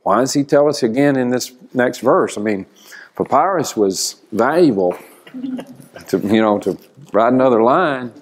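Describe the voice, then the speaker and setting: A man teaching a church Bible class, explaining slowly and asking the class questions. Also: medium pitch, animated.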